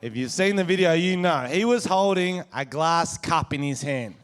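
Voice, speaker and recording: An Australian man performing a stand-up comedy set on stage, telling crude stories with loud shouted impressions. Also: a little high, lively intonation, moderate pace, smooth. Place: comedy venue stage before a live audience.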